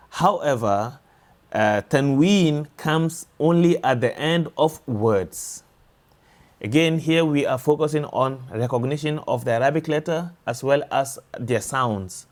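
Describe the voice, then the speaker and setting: A man teaching a recorded lesson, explaining slowly and patiently, repeating each sound and drilling examples. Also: mid-range voice. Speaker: Quran tajwid teacher.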